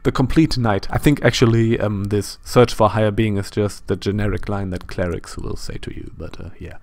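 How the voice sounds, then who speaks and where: A man with a German accent talks through a retro role-playing game, chatty and thinking out loud with self-deprecating remarks. His voice has a gravelly, creaky edge that sinks into vocal fry. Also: fairly low pitch, normal speed. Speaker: let's play host. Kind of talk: casual gameplay commentary.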